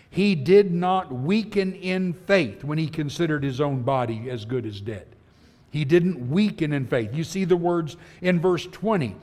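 Male preacher, slow and animated, long church reverb. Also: on the high side. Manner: earnest, emphatic, reads scripture slowly. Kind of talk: sermon. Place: church auditorium.

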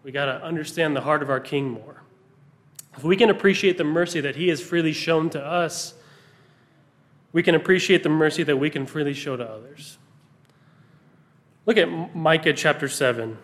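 A man preaching a sermon, earnest, pausing for emphasis as he reads scripture aloud. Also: fairly high pitch, fairly bright tone.

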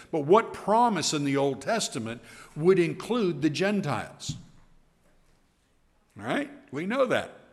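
Animated man teaching in a reverberant hall. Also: medium pitch. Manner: animated, emphatic, with frequent restarts and fillers. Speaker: Bible teacher. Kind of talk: evening Bible class teaching.

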